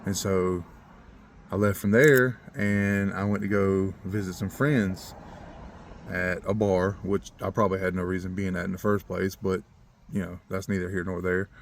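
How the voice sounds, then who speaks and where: A man telling a personal story in a rambling, earnest way, chuckling often and growing animated when he talks about faith. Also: low-pitched, moderate pace, vocal fry, a little hiss or hum. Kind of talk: casual storytelling.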